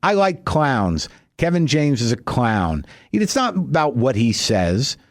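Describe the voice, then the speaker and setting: A man's voice: very animated, slow pace, no room sound, studio quality. Wry middle-aged man doing stand-up. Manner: wry storytelling, jumps high and loud for punchlines. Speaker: stand-up comedian. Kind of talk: stand-up monologue.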